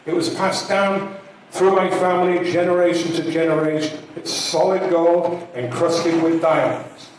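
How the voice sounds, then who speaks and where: A solemn stage hypnotist, as a man plays him, lulling his listeners with slow, drawn-out, soothing words in a slightly lowered voice. The sound rings through a very echoey hall, picked up from a distance, with faint noise underneath. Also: steady tone, natural voice.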